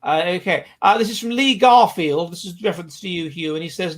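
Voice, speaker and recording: A man in his forties hosts a livestream in casual chat, wandering off into long digressions as he reads out viewer comments. His voice sits high for a man, and he talks in a loose, chatty way. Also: a little fast, hardly any pauses. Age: 40s. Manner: rambling and digressive. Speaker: livestream host.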